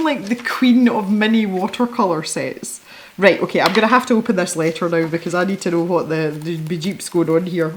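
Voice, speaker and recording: A woman hosting a casual unboxing video, chatty and excitable, giggling often as she opens parcels of art supplies. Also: on the low side, brisk, slight background noise. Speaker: art supply channel host.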